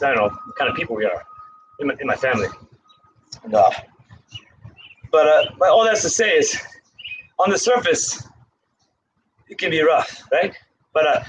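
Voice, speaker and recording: A man with a high voice, winded from doing push-ups as he talks, drifting between counting and rambling stories in a loose, casual way. The recording is noisy and rough. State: out of breath from exercise. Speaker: karate instructor.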